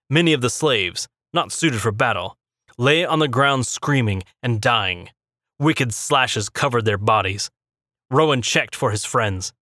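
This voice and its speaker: A man narrating a fantasy story in a steady, measured reading. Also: medium pitch, no room sound, studio quality. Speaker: audiobook narrator.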